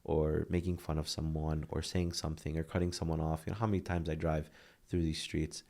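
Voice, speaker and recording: A man in his thirties talks about hard times in an earnest, heartfelt way. His voice is very deep with a gravelly fry, and it often softens nearly to a whisper. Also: flat delivery, brisk. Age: 30s. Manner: earnest, heartfelt, drops to a near whisper at tender moments. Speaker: podcast guest. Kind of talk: emotional interview talk.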